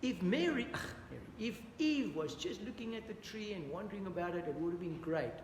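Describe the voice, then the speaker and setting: With a high, animated voice and a brisk pace, this man teaches a Bible study, earnestly questioning his audience and returning again and again to "dear friends." Long reverb from an echoey hall, faint ambience, and slight hiss or hum mark the audio.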